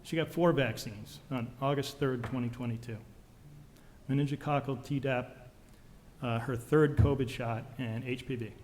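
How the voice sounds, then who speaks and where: A man's voice: medium pitch, fairly even intonation, a little mellow, a little hiss or hum. Angry man testifying in a reverberant hall. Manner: intense, accusatory, rapid technical jargon. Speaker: witness testifying at a legislative hearing. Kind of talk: public testimony. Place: legislative hearing room.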